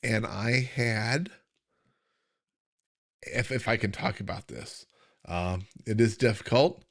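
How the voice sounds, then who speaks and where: Slow and creaky, with a lowish but fairly bright voice, a middle-aged American man chats earnestly on a casual live-stream Q&A he hosts as a health coach. He talks loosely, with frequent fillers and restarts, and seems to be holding back emotion.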